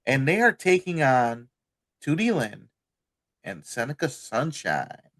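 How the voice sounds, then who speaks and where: Male podcast co-host, unhurried delivery, animated pitch. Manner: slow, drawn-out reading with laughs. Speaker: podcast co-host reading event listings. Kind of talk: casual podcast chat.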